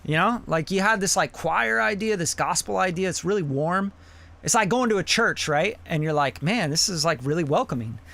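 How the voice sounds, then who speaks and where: A man's voice: sits high, moderate pace, gravelly, bright, forceful tone. A man hosting a live song review, giving blunt, profane mixing feedback in a casual, rambling way. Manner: blunt and profane, with many fillers like "you know".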